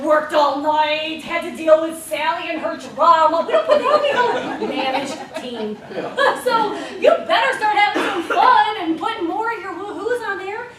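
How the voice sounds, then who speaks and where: Woman, very high animated voice, motivational speaker, laughing storyteller, echoey room, distant mic. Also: a little hiss or hum. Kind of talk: motivational talk to an audience. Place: event room with an audience.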